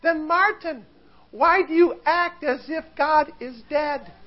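A man putting on a shrill, scolding wife. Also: slow pace, muffled recording. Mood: pointed. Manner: pointed, gently scolding. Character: practical, sharp-witted wife, middle-aged woman.

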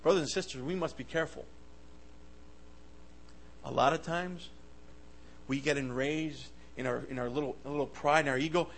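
A man preaching a sermon with passion, swinging between loud bursts and soft asides, often stammering and restarting his words. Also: fairly high pitch, moderate pace, long pauses, slight background noise, poor audio.

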